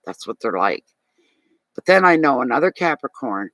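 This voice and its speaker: A man's voice: medium pitch, sing-song, moderate pace, fairly bright tone, no room sound, rough recording. A man with a Maritime Canadian accent giving a live tarot reading, talking chattily and animatedly to his viewers and answering chat comments. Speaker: tarot reader.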